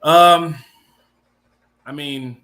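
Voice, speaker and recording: A man's voice: a little high, fairly even intonation, extremely slow, fairly bright tone. A man co-hosting a boxing live stream, giving thoughtful analysis in long, filler-laden stretches. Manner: thoughtful, talks in long qualified runs with many fillers. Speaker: panel co-host.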